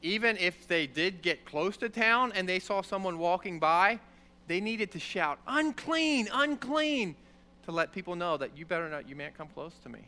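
Reading from the Bible and then unpacking the passage, this man teaches an informal lesson as a preacher, lively and conversational, often making sure his listeners are following. His high-sitting voice is clear and resonant, at a moderate pace.

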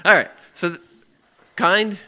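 A man teaching a Bible class in a lively way. He tells a story and keeps asking his listeners questions. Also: high voice, slow pace. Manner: lively, asks the audience questions, acts out a story. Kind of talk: interactive sermon with storytelling.

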